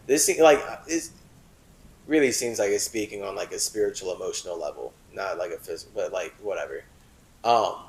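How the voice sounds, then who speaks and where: A man hosting a talk show who reads a text aloud and comments on it, switching between solemn reading and animated asides full of "like". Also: lowish voice, reverberant, rough recording. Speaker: host.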